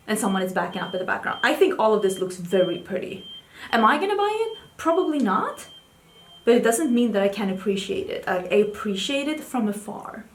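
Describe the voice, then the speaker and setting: A woman's voice: echoey room, a little hiss or hum. A woman beauty vlogger talking casually and candidly about new makeup releases. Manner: chatty, candid, talks to her cat in a high baby voice. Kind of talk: casual chat.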